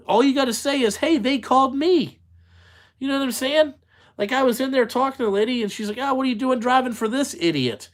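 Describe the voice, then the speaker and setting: Male trucker vlogger, casual rant: blunt, foul-mouthed, exasperated, rambling with lots of fillers. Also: extremely high pitch. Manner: profane, blunt, exasperated ranting with many fillers; talks in loose run-on asides, asks "you know what I'm saying?". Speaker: truck driver, channel host. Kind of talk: casual ranting vlog.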